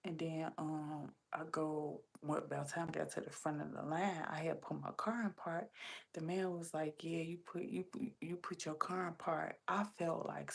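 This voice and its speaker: A woman's voice: low-pitched, steady tone, moderate pace, creaky, breathy edge. A woman hosting a casual livestream, chatting straight to her viewers and telling stories. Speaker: livestream host.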